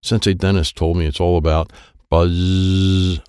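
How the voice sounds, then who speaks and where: A man voicing a blunt, brash boy in a storybook reading, quick to snap at others. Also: sits low, flat delivery, darkish tone, clean tone, no echo, studio quality. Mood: brusque. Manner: brusque, snappy. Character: blunt brash boy who snaps and barks. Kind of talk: storybook character voice.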